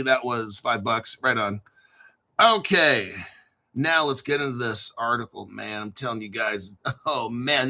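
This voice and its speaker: A middle-aged man with a New Jersey accent, hosting a casual crypto talk show in an excitable, profane, rambling way. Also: mid-range voice. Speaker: crypto channel host. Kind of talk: casual livestream chat.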